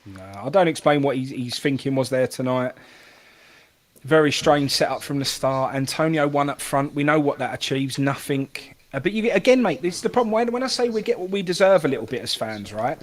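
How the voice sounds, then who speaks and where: Bloke co-hosting a footy stream on a call, bit higher voice, blunt and weary. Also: male voice, animated, brisk. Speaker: co-host. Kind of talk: live stream match reaction.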